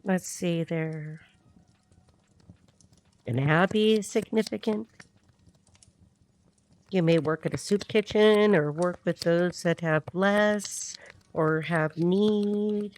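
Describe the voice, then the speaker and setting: A woman giving a casual, chatty tarot reading, laughing often and tossing in quick asides. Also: fairly low pitch, a little mellow. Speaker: tarot reader.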